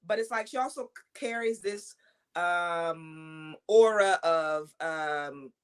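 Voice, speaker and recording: Young woman wrestler, lower voice, confident trash talk, casual interview. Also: takes it slowly, clear, resonant tone. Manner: confident, trash-talking, with fillers and repeats. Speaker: wrestler and champion guest.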